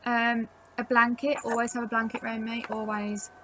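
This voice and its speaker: A woman's voice: a little high, flat delivery, normal speed, background noise. Chatty young woman vlogging at home. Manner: rambling, chatty, filler-heavy with frequent "like". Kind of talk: casual chat to camera. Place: at home indoors.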